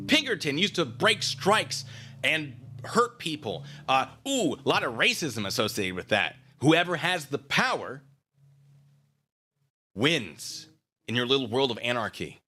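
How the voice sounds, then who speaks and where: Sarcastic guy ranting on his channel, bright voice, pitch bouncing all over. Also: big pitch swings, measured pace, husky. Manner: taunting, sarcastic, goading. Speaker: channel host. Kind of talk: ranting commentary to camera.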